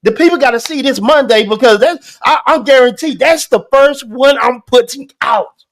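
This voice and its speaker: A man hosting a poetry show, talking in a casual, animated way with lots of restarts and slang. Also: very high-pitched, moderate pace. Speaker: host. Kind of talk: casual chat.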